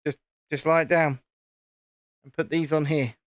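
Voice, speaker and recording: A man's voice: on the high side, steady tone, a little slow, dry recording, studio quality. A British man hosting a live stream, chatting casually and playfully with viewers while building a toy set, often stopping and restarting his sentences.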